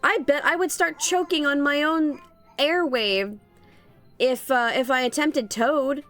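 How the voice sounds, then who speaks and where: A young woman streamer with vocal fry, chatting playfully while she draws and laughing often. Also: high voice, unhurried, fairly bright tone, faint music behind. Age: young adult. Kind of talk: casual stream chat while drawing.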